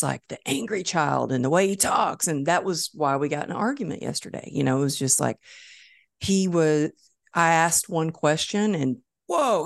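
Deep-voiced woman host, dry sound. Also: no room sound. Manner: candid, shares personal stories and asks questions. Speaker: podcast host. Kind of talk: conversational interview.

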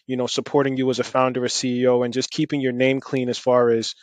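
A man hosting an interview, asking measured questions with many fillers. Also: medium pitch, flat delivery, no room sound. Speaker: podcast host.

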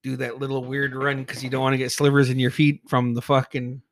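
A man's voice: medium pitch, completely flat delivery, brisk, no echo, clean studio sound. A man telling a childhood story in casual chat, swearing freely, laughing often and acting out his friends' voices. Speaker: podcast co-host.

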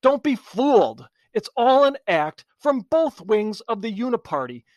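A man's voice: very high voice, big pitch swings, a little slow, darkish tone, dry recording, highs cut off. A man hosting a political talk show, delivering an angry, emphatic monologue that is blunt and insulting toward politicians.

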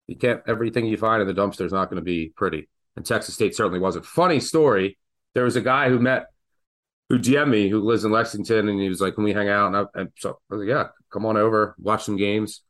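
A man hosting a casual sports betting podcast, telling stories in an animated, excitable way. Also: fairly low pitch, fast. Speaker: podcast host.

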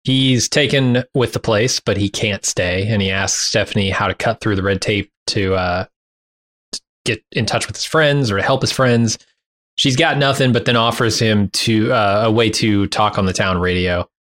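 A man's voice: fairly low pitch, moderate pace, a bit bright. Blunt man summarizing TV episodes. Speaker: podcast co-host. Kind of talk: casual TV recap chat.

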